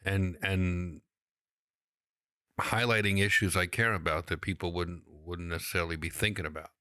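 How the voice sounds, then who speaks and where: A middle-aged male comedian, a guest on a podcast, explaining things in a measured, casual way. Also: low-pitched, fairly even intonation, pushed and bright, smooth, no echo, studio quality. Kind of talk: casual interview chat.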